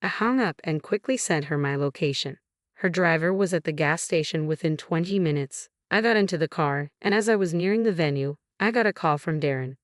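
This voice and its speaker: Low-voiced woman narrating a story. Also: a little fast, dry recording, studio quality. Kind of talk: first-person story narration.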